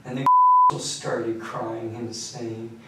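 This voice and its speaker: A man in his late teens, tired and worn out, recounting events in a halting, rambling way while being questioned by police. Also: medium pitch, flat delivery, gravelly, very noisy. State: exhausted. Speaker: suspect under questioning. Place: police interrogation room. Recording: echoey room, mic far off.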